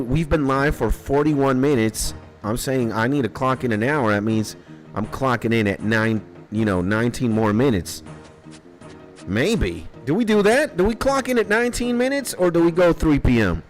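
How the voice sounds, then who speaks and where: A man chatting casually on a live gameplay stream, rambling, laughing often and swearing now and then. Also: medium pitch. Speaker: game streamer. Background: faint retro game music.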